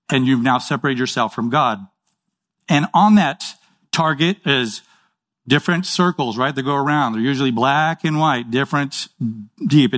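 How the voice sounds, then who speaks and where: A man delivers a sermon in a relaxed, conversational way. His voice sits a little on the high side, and he keeps checking in with his listeners. He slips into quick little dialogues to act out his examples. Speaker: pastor.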